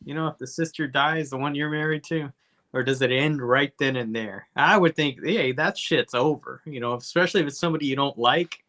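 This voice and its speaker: Bright-voiced man rambling through a movie review. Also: mid-range voice, a little fast. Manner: profane, rambling, jokey asides. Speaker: podcast co-host. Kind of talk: casual comedy movie review.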